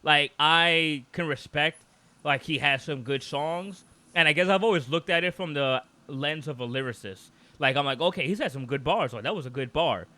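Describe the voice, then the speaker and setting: A man chats on a podcast in a bright, forceful voice that sits a little high for a man. He is animated and rambling, with a steady stream of "like"s and restarts. The sound is very dry and close to the mic. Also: moderate pace, no room sound. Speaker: podcast co-host. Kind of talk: casual podcast chat.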